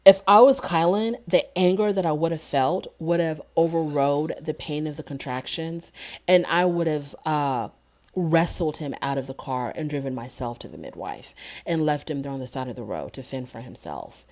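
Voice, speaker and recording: A woman with a notably low voice talks through a TV episode in relaxed recap commentary. Her tone is sarcastic and openly indignant, as a show reviewer who keeps her own opinions up front. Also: moderate pace.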